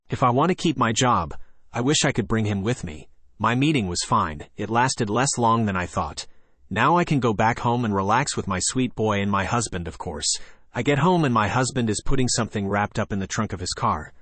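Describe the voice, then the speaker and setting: Male horror narrator, lower voice, steady scripted read, dry close sound. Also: a little fast, dry recording.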